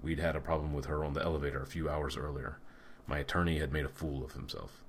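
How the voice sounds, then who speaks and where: A male narrator reading an audiobook with measured, dry delivery. His voice is extremely low, heavy and deep, and he keeps an even, unhurried tone throughout. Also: a little hiss or hum.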